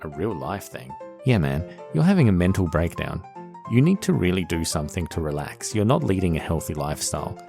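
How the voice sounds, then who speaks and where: Aussie guy hosting a podcast, real low voice, jokey rambly banter, bit of music under. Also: sing-song, brisk, vocal fry. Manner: jokey, rambling, arguing with himself. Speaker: podcast host.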